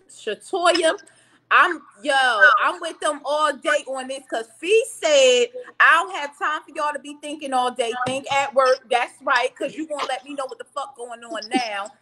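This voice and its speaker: A woman co-hosting a casual talk show, loud, blunt and profane, laughing as she talks. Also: high voice. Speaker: podcast co-host. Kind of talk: casual chat.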